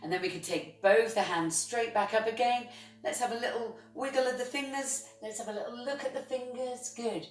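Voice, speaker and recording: A woman leading a chair yoga class, guiding breaths and movements with gentle, encouraging praise. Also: a little high, a little fast. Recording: roomy sound from a distance.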